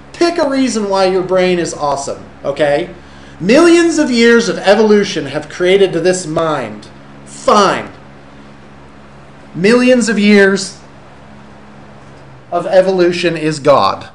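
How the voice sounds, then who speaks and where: A man's voice: fairly high pitch, a little hiss or hum. Emphatic man giving life advice. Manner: emphatic, rhetorical, lecturing. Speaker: interviewee. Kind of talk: motivational monologue. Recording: roomy echo.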